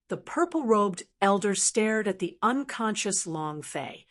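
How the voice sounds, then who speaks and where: A woman's voice: medium pitch, animated, measured pace, few pauses, a bit bright. Woman narrating a fantasy audiobook. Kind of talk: scripted narration.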